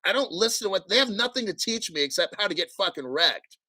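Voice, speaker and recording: Male crypto streamer, blunt and foul-mouthed, dry close sound, forceful tone. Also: high-pitched, lively intonation, fast, no room sound. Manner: blunt, profane, combative; clears his throat often. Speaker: crypto channel host. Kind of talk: livestream rant.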